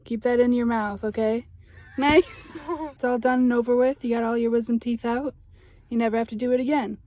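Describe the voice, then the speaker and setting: A woman's voice: on the high side, little pitch movement, brisk, warm tone, dry recording. A young adult woman vlogging in casual chat, giggly and teasing, with people chattering around her.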